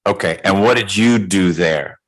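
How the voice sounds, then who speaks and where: A man's voice: low-pitched, moderate pace, fairly bright tone. A man presiding as judge in a courtroom, speaking plainly and patiently as he gives instructions. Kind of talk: courtroom proceedings.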